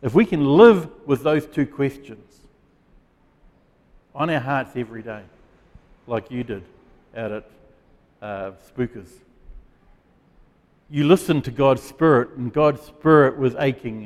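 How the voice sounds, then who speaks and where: A man preaching a sermon as pastor, earnest and emphatic, with dramatic pauses. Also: medium pitch, big-room sound.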